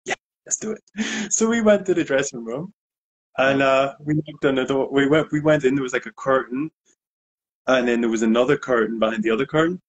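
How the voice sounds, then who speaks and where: The recording is muffled as a guest DJ, mid-pitched and fairly quick, recounts an anecdote during a relaxed interview. He performs the quoted lines with energy and peppers his talk with fillers.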